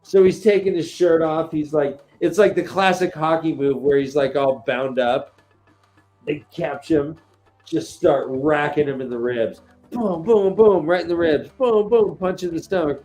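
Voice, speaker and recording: A middle-aged man chatting casually on a book podcast, animated and acting out scenes with sound effects. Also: fairly high pitch. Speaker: podcast co-host. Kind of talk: casual book-discussion chat.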